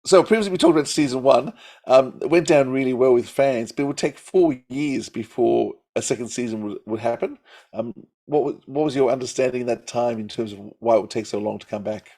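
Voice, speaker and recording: A man's voice: medium pitch, fairly quick, mellow. A man hosting an interview, welcoming a guest and asking questions with some hesitation. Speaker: interview host.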